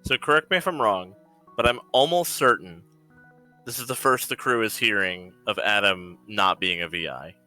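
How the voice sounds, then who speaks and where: A man's voice: lowish voice, expressive, normal speed, sharp tone, faint music behind. A man narrating as game master of a tabletop game, describing scenes in a loose, chatty way.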